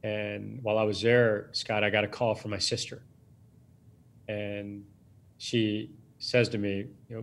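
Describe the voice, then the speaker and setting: A man's voice: on the low side, level tone, measured pace, creaky. A man speaking as a guest, telling a personal story in a reflective way, with short phrases and many fillers.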